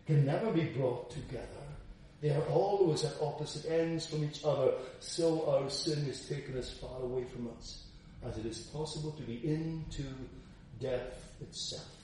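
A man preaching an expository Bible sermon, earnest and emphatic, with slow deliberate stretches. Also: a little high, mellow. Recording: echoey room, distant mic.

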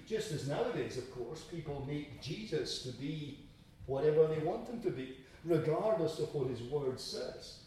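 A man's voice: on the high side, lively intonation, moderate pace, dark tone. A man preaching an expository sermon, emphatic and repeating phrases for stress. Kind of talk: sermon, expository Bible teaching. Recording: echoey hall, distant mic.

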